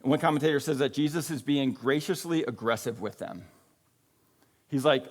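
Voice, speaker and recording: Man, pastor, conversational sermon, slightly high pitch, long church reverb. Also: lively intonation, fairly quick. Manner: casual, conversational preaching with frequent "right?" and "like". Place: church sanctuary.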